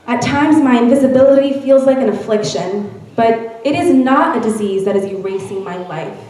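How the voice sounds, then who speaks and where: A woman reading a first-person narrative aloud with expressive storytelling at a church event. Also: on the high side, a little fast. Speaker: reader at a church Mother's Day event. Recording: very echoey room, from far off.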